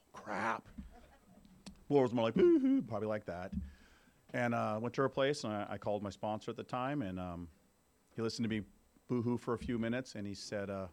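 A fairly low-pitched man in his fifties speaks to a room of listeners at a recovery meeting. He tells his own story candidly and conversationally, often tossing in a "right?" to keep the audience with him. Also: fast talker, darkish tone. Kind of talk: personal recovery testimony to a group.

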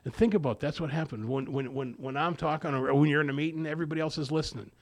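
Man, gravelly voice, rambling recovery-meeting share, lots of restarts. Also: fairly high pitch, fast. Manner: rambling, with many repeated restarts; animated storyteller. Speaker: speaker sharing his recovery story at a meeting.

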